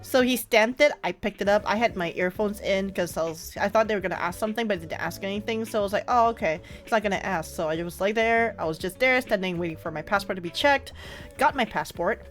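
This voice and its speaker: A woman streamer telling a story in casual chat, animated and laughing often. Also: medium pitch, fast talker, faint music behind.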